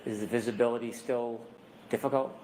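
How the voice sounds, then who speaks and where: Prosecutor examining a witness, mid-pitched man's voice, steady and methodical. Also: slight background noise, poor audio. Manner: measured, methodical questions. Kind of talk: courtroom questioning. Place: courtroom.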